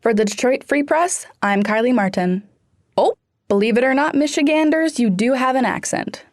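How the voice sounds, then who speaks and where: A woman's voice: sits high, normal speed, dry recording, studio quality. A woman reporter reading a scripted news story with a playful touch.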